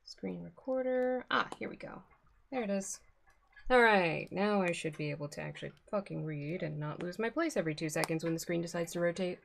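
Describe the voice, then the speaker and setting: A woman's voice: on the low side, fairly quick, creaky, a little hiss or hum. A woman streaming live, chatting casually, swearing freely and scolding her cat.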